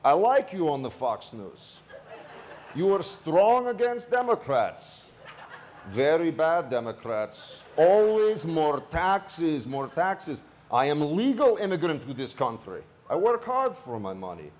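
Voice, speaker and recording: A man playing an earnest immigrant cab driver with a Slavic accent and slow, broken phrasing. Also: fairly high pitch, very animated, darkish tone, slight background noise, voice pushed up. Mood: admiring.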